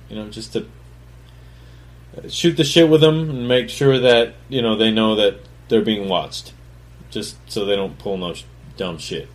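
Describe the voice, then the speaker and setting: A man's voice: fairly low pitch, animated, normal speed. A man, a chef and podcast host, telling a story in a blunt, profane, boastful way and rambling with fillers and restarts. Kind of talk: casual solo storytelling.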